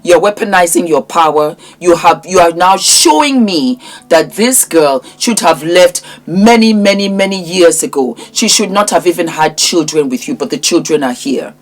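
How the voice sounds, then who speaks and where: Scolding woman vlogger, low voice. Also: animated, moderate pace, few pauses. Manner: scolding, preachy, addresses the man directly. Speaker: commentary vlogger. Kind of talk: impassioned social media commentary.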